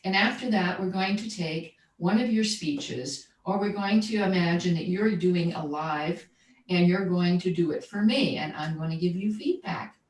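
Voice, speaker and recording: Speaking at a normal speed in a lowish voice, a woman who coaches voice and sings jazz explains her methods in a conversational interview. She keeps checking in with "right?" and repeats words as she hunts for them, her voice distant and echoing in a roomy space.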